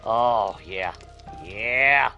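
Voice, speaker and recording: A young adult man hosting a let's-play, chatting casually to his viewers, swearing freely and swinging between grumbling and giddy excitement. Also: fairly low pitch, drawn-out words, gravelly, lo-fi sound, faint music behind. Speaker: gaming channel host.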